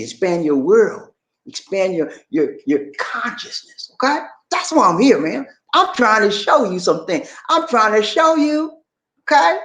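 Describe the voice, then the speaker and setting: A man's voice: sits high, fairly bright tone. A man giving relationship advice to camera in an emphatic, preachy way, repeating himself and often calling his listeners "man". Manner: emphatic, repetitive, keeps saying "man". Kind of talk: preachy motivational talk to camera.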